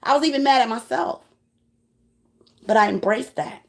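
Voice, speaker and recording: High-voiced woman preaching bluntly. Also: normal speed, gravelly. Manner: blunt, profane, preachy and animated. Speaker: tarot reader. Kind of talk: spiritual pep talk to viewers.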